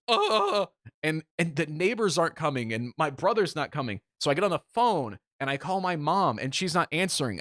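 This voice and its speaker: A man co-hosts a podcast and tells a story in an animated, self-mocking way, swearing freely. His voice is forceful and bright, set at an average pitch. The recording is close and dry. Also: dry recording. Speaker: podcast co-host. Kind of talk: casual storytelling chat.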